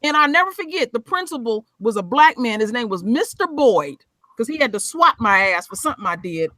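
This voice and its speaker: A woman's voice: a little high, big pitch swings, fairly quick, pushed and bright, dry recording. A woman hosting a casual chat, talking bluntly and emphatically with plenty of swearing.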